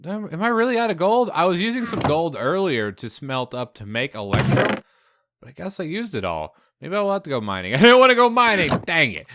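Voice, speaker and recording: Young guy, faint southern accent, chatty game commentary, bouncy pitch, kinda high. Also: very animated, brisk. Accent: Southern US, mostly hidden. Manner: chatty, upbeat, thinks aloud with fillers and laughs. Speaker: Let's Play host. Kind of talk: casual gameplay commentary.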